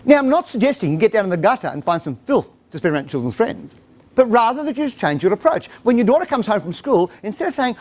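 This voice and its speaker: Man, middle-aged, high voice, very animated, talk to parents. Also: fast. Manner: animated storytelling, acts out dialogue. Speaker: speaker on parenting.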